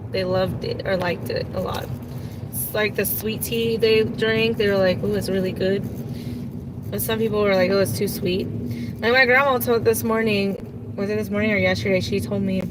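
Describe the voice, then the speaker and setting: Rambling woman over street noise. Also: medium pitch. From Kansas. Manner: rambling, lots of "like" and "um". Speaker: live streamer. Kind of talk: casual chat.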